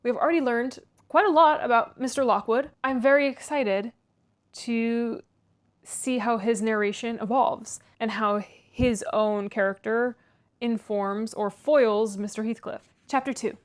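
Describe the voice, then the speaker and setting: A woman reading a classic novel aloud, pausing for chatty asides and laughing at her own stumbles. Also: fairly high pitch. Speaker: audiobook reader, read-aloud host.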